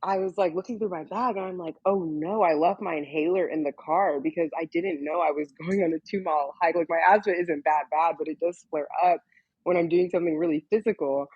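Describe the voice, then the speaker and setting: A woman's voice: on the low side, steady tone, fast, breathy edge, dry recording, lo-fi sound. A young woman telling a story in a casual interview, chatty and full of "like" fillers, often laughing and quoting herself. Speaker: guest model.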